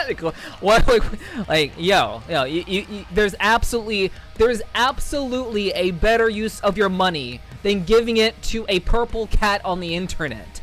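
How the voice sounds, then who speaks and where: Reading chat on his stream, a man with a high-sitting, fairly bright voice talks in an animated but unhurried way. His casual chatter wanders, gets profane, loops back on itself and breaks into laughter over faint background music.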